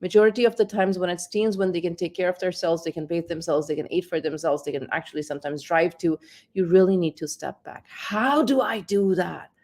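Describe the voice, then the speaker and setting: A woman's voice: lowish voice, brisk, darkish tone. A middle-aged woman, a parenting coach, talking reflectively and repeating words as she searches for them. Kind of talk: conversational talk on parenting.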